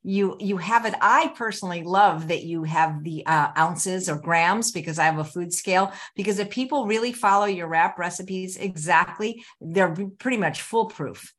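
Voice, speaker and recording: A woman's voice: lowish voice, moderate pace, hardly any pauses, a bit bright. A woman hosting a live online cooking show, chatting effusively with her guests. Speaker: show host.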